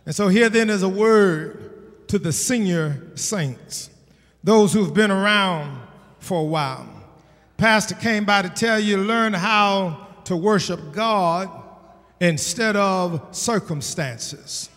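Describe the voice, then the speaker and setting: High, bright-voiced preaching pastor. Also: male voice, slow pace, big-room sound. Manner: emphatic preaching, repeats lines and builds to shouts. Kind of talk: sermon. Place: church sanctuary.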